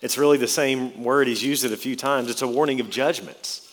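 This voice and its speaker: A man preaching a sermon and reading scripture aloud, slowing down and stressing key words in an earnest way. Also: mid-range voice. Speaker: pastor. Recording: long reverb of a large hall.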